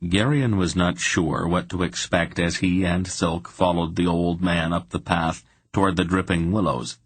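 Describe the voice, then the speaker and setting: A man reading a fantasy audiobook aloud in slow, even storytelling. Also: sits low, breathy edge, no room sound. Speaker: audiobook narrator. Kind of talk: scripted fantasy narration.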